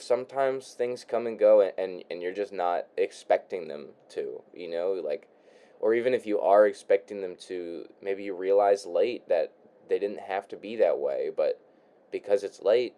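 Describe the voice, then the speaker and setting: A young vlogger with a warm, fairly low voice chats casually in his room while putting together a paper model. He rambles and halts, restarting often, repeating words, sighing, and swearing offhandedly.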